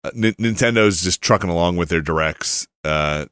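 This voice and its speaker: A man co-hosting a casual podcast chat, animated and hedging his points. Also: deep voice, normal speed, smooth, no room sound, clean studio sound. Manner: animated, hedging, slips into goofy voices. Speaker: podcast co-host.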